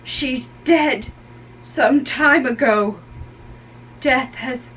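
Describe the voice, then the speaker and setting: A young performer reading the part of a grieving older nobleman, forcing the voice deep and mournful in a play recorded from a distance. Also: a bit bright, slight background noise, exaggerated voice. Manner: slow, mournful, heavy.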